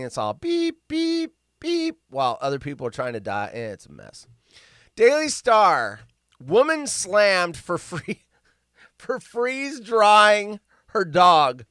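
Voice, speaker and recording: A man hosting a casual livestream, rambling and sarcastic as he reacts in disbelief. His voice sits a touch high and swings widely in pitch. It is smooth and clear, recorded close and dry. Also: pushed and bright, dry recording. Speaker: livestream host.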